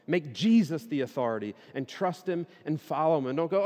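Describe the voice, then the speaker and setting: A man preaching a sermon, casual at first and then animated, building to loud emphatic peaks. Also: on the high side, fairly quick, hardly any pauses. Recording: long reverb of a hall.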